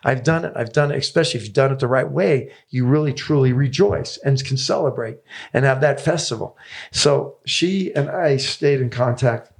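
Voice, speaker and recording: A man's voice: mid-range voice, moderate pace, creaky, husky. A man in his seventies, a tennis coach telling stories as a podcast guest, enthusiastic and repeating phrases for emphasis. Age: 70s.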